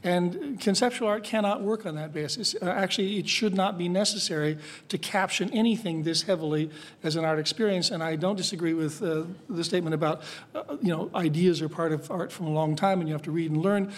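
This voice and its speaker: Male critic, slightly high voice, blunt and opinionated delivery. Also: brisk. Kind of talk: discussion panel.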